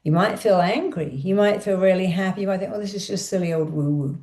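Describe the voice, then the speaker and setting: A woman leading a guided affirmation and hypnosis session, giving repetitive directive instructions that slow into a soothing countdown. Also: on the low side, warm tone. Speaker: self-help speaker and hypnotherapist.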